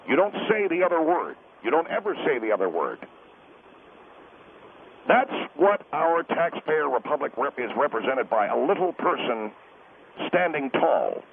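A man's voice: fairly high pitch, sing-song, unhurried, gravelly, slight background noise, heavily acted. Man doing a pompous taxpayer crusader on a tinny phone line. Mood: lecturing. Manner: pompous, insistent, lecturing, refuses interruption. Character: pompous middle-aged male taxpayer advocate. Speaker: caller guest.

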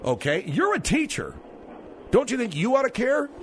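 A man's voice: extremely high pitch, wildly swooping pitch, moderate pace, slight background noise, heavily acted. A man doing a needling talk show host. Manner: needling, argumentative, repeats questions. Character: combative male radio talk show host. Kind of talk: comedic radio talk show sketch.

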